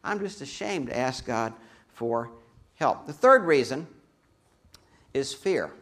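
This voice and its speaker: A man preaching a sermon as a pastor, an animated storyteller who acts out quoted voices and adds humorous asides. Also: medium pitch, slow pace.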